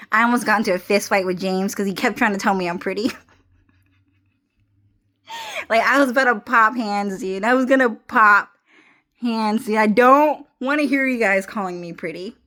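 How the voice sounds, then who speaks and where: A woman's voice: medium pitch, normal speed, pauses often, sharp tone. A young woman talking into her phone camera in a rambling vlog, swearing often, restarting and repeating her phrases, and breaking into laughs. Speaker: vlogger.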